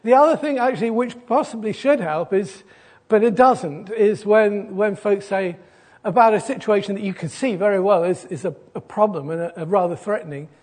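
A middle-aged pastor delivers an earnest sermon in a notably high voice. He exhorts gently and drops to a hushed, inviting tone as he draws his listeners in. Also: moderate pace.

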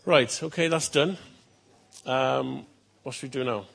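A male pastor telling a story to children in church, lively, with chatty asides. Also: medium pitch, unhurried, creaky.

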